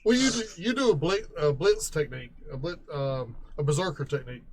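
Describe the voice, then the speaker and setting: A man hosts a casual talk show about gaming and asks his guest questions. His voice sits a little high, and he tells his own stories in a relaxed way, chuckling as he goes. A faint noise sits behind him. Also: a little fast. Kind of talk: casual interview.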